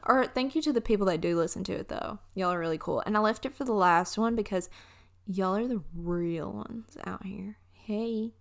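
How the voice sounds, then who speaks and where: A woman's voice: mid-range voice, a little fast, vocal fry. A young woman from Alabama with a Southern accent, hosting a casual solo podcast and rambling through a story with frequent restarts. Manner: rambling, chatty, trails off and restarts. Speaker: podcast host.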